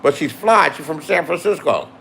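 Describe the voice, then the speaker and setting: A man's voice: a little high, expressive, moderate pace, creaky, fairly bright tone, a little hiss or hum. A man in his sixties talking casually to camera, rambling and swearing as he reminisces. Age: 60s. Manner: profane, reminiscing, loose and chatty. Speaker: vlogger. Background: music playing.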